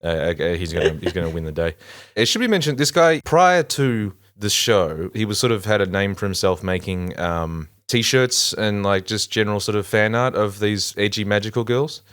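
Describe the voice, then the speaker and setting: A man co-hosting a podcast, chatting casually in an animated way, laughing often and restarting his sentences. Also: sits low. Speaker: podcast co-host. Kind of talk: casual chat.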